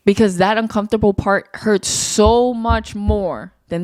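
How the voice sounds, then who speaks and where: A woman's voice: mid-range voice, moderate pace, few pauses, a little mellow, dry recording, studio quality. A young woman hosting her own podcast, talking candidly and off the cuff in a rambling way, swearing casually. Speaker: podcast host. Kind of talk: casual solo podcast monologue.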